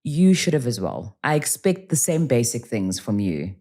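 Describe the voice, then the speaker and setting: A woman in her forties, a podcast guest telling stories in casual interview talk, animated and acting out bits of dialogue. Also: extremely low pitch, moderate pace. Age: 40s.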